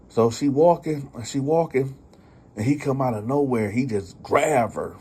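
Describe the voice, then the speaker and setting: A man's voice: medium pitch, moderate pace, darkish tone, slightly rough. A man telling a story in a loose, conversational way, often repeating "you know.". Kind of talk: casual spoken storytelling.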